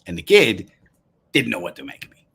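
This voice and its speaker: A man with a Long Island New York accent, a comedian hosting a casual live stream, telling stories in a wry, deadpan way with asides to viewers. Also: on the low side, fairly quick, creaky, a little hiss or hum. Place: apartment room, indoors.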